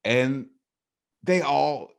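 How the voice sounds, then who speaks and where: Rambling Southern-accented podcast host. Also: male voice, medium pitch, lively intonation, very slow, vocal fry. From American South. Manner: rambling, restarts often, laughs easily. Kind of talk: casual podcast chat.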